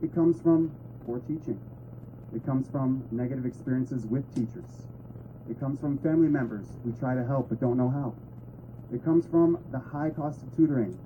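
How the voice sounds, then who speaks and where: A man's voice: medium pitch, moderate pace, lo-fi sound, noisy background. A man giving a talk to an audience in a conversational way with playful asides. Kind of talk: presentation to an audience.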